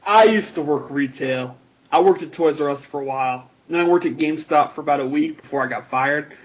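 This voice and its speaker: A relaxed man talks easily in a casual podcast chat. His voice sits a little high and sounds husky. The recording is muffled and lo-fi. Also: brisk. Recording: muffled lo-fi audio.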